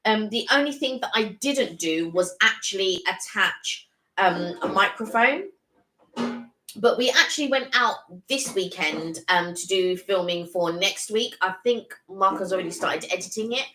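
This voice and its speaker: Bright, chatty woman. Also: mid-range voice, expressive, unhurried, roomy sound, soft background music, low-quality recording. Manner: rambling, chatty, lots of fillers. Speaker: co-host. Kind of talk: casual livestream chat.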